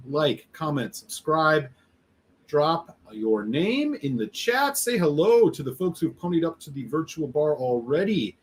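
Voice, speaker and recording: A man's voice: mid-range voice, slightly rough. A middle-aged man from the Chicago area hosting a live stream, reading out viewers' chat messages and greeting each of them by name in an upbeat way. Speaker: host.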